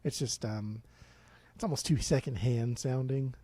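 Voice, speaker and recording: A man's voice: mid-range voice, a little slow, dark tone. A man co-hosting a casual music podcast, blunt and swearing, with many restarts. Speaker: podcast co-host.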